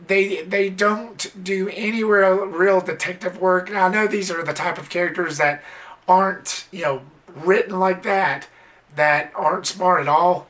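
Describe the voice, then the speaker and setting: A movie reviewer giving a casual, blunt spoken film review, exasperated and swearing a little, sometimes jumping into high squealing impressions. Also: a bit bright. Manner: mimics characters in sudden high squeals.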